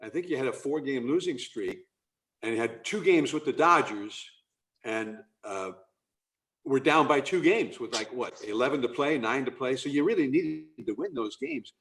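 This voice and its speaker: A man of middle pitch hosts the chat, building his questions slowly and padding them with fillers. His manner is relaxed and conversational. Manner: meandering questions padded with fillers. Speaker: broadcaster, host.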